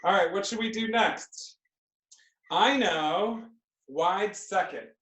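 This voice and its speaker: A woman teaching a live online exercise class, counting reps and giving brisk cues with playful asides, over a video call from a room at home. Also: medium pitch, a bit bright. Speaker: fitness instructor. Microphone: computer mic on a video call. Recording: echoey room.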